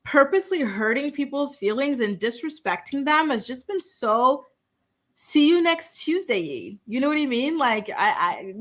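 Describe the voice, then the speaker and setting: Sassy bright-voiced woman gossip recapper. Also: fairly high pitch. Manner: sassy, gossipy, heavy filler use. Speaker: reality TV recap host. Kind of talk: casual recap commentary.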